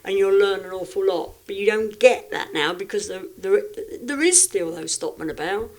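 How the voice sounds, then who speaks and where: A woman talks through her views in a casual podcast chat. She speaks frankly and reflectively, with frequent restarts, at an ordinary middle pitch. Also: normal speed. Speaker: guest, livestock exhibitor.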